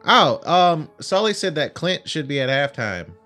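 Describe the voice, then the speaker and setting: A man playing a tabletop game in a quick, offhand, playful way. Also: fairly high pitch, very animated, sharp tone, faint music behind. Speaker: player. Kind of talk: casual tabletop game play.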